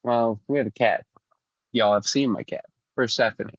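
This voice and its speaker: Male co-host, mid pitch, profane and animated, dry slightly lo-fi sound. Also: normal speed, no room sound. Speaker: podcast co-host. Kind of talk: casual chat.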